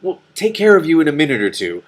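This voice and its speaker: A man voicing a brisk, practical adult witch who talks in a crisp, no-nonsense way. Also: a little high, very animated, voice pushed up.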